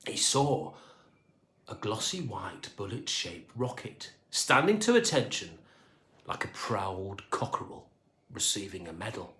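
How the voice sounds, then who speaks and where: A man narrating a children's storybook in an expressive, playful manner. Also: fairly low pitch, a little slow. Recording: echoey room.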